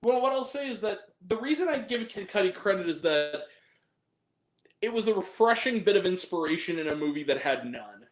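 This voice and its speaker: A man hosting a casual film review chat, animated and profane, quick to laugh and shout. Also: sits high, echoey room. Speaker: podcast host.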